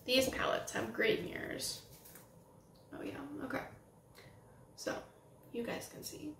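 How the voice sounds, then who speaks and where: A young woman doing a casual makeup tutorial at home, gushing and excitable as she talks while applying makeup. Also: a little high, slow pace, vocal fry, noisy background. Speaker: beauty vlogger. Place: home room with setting sunlight. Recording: roomy home recording with faint ambience.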